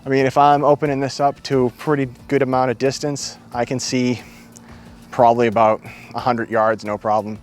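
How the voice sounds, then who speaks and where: A man's voice: mid-range voice, little pitch movement, normal speed, faint music behind. Chatty New England man reviewing gear. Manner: chatty, enthusiastic, folksy. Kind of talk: casual outdoor product review. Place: outdoors at night near woods.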